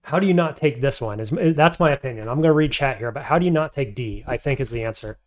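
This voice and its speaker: A man streams a game and thinks aloud, weighing his options and replying to chat. His voice is medium-pitched and darkish, and he talks fast. It's casual live-stream commentary.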